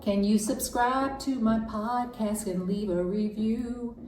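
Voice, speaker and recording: A woman's voice: a little high, fairly even intonation, slow, a little mellow, echoey room, soft background music, low-quality recording. A woman from Knoxville with an East Tennessee accent, hosting a casual podcast interview and laughing often. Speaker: podcast host. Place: studio.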